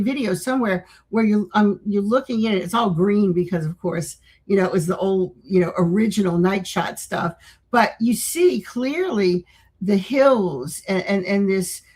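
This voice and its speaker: A middle-aged woman talks casually as co-host, spinning a story. She's animated, laughs often, and slips into voices when she quotes herself. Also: medium pitch, breathy edge, poor audio. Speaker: podcast co-host.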